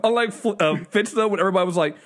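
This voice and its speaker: A man co-hosting a casual review show, chatting loosely and acting out scenes. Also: racing. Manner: animated, acts out scenes in high mock voices. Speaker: podcast co-host.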